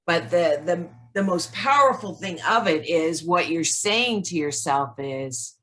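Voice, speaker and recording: A woman's voice: lowish voice, animated, measured pace, hardly any pauses, fairly bright tone. A woman co-hosting a casual self-help chat over a video call, reflective and searching, leaning on "like" as she thinks aloud. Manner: reflective, says "like" often. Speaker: co-host.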